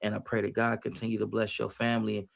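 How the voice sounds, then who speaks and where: A man's voice: on the low side, monotone, quick pace, creaky. A man giving casual, preachy motivational talk on a livestream, using street slang and repeating his phrases as he reads the chat.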